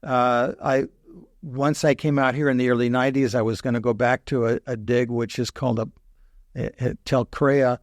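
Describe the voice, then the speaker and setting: A man's voice: medium pitch, level tone, moderate pace, no echo, clean studio sound. An older man, a history professor guesting on a podcast, explaining things in a digressive conversational way, correcting himself often and dropping wry asides.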